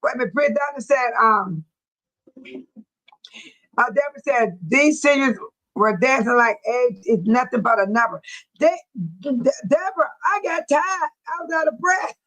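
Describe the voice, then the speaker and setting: A woman's voice: high voice, fairly bright tone, rough recording. A woman hosting a casual livestream, chatting with viewers, repeating herself and laughing often. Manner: repetitive, chatty, quick to laugh. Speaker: livestream host. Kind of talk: casual live chat with viewers.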